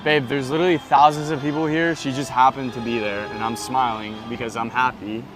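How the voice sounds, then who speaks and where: A young man plays a defensive, exasperated boyfriend caught in a comedy skit. He speaks at a middling pitch, outdoors at a theme park with loud music over the scene. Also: fairly even intonation, fairly quick, lightly acted. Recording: loud music under the voices.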